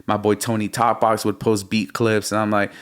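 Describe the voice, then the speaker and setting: A man in his thirties, a music producer and podcast guest, telling his story in a lively, slangy way and calling the host bro. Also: lowish voice, moderate pace, clean tone. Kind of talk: casual storytelling interview.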